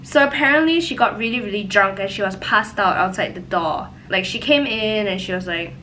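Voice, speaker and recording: Young woman vlogger, bright sharp voice, chatty animated storytelling, faint rumble behind. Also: a little fast, rough recording. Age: young adult. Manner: animated, lots of "like" fillers. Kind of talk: casual storytime. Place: home, indoors.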